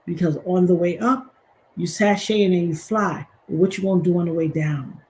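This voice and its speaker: A woman's voice: lowish voice, fairly even intonation, moderate pace, a little mellow, slight background noise, rough recording. Emphatic, sassy woman livestream host. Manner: emphatic, preachy, sassy asides. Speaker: commentary host. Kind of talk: animated livestream commentary.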